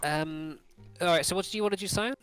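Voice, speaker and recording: A man's voice: high voice, fast, a bit bright, smooth, soft background music. A man running a tabletop game as game master, narrating with many fillers and restarts.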